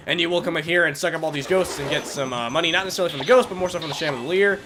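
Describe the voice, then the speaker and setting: A young man with a congested, stuffy voice from a cold, giving excitable, jokey gameplay commentary and cursing at enemies. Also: a little high, very fast, few pauses, slight background noise. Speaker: let's play commentator.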